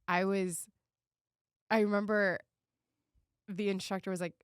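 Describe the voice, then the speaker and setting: A young woman co-hosting a casual podcast, telling animated stories and swearing freely. Her voice sits mid-range for a woman. The recording is dry and close. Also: mid-range voice, unhurried, clean tone, dry recording. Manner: animated, swearing, laughing storyteller. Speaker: podcast co-host. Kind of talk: casual chat.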